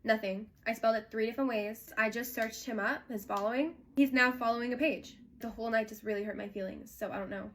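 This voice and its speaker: A woman in her twenties telling a dating story while getting ready, animated and quick to mimic others in high voices. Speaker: vlogger.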